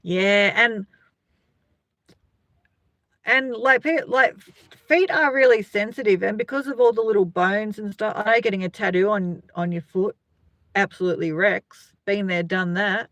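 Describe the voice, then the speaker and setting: On a dry recording, a livestream host speaks in a mid-range voice that's a bit bright, a little on the slow side. She's a middle-aged Australian woman chatting casually and rambling, reading viewers' comments and greeting them by name.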